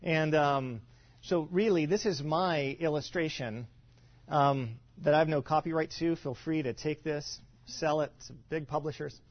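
Male pastor, higher voice, rambling teaching style with asides, muffled recording. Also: a little slow. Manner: conversational, many fillers and restarts, rhetorical asides. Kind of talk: teaching talk to a congregation. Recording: dull lo-fi sound.

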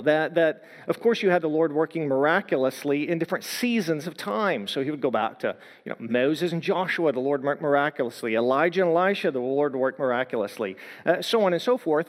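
A man preaching a sermon in earnest, measured phrases, slowing down to stress quoted lines. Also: fairly high pitch. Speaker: pastor. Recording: long hall reverb.

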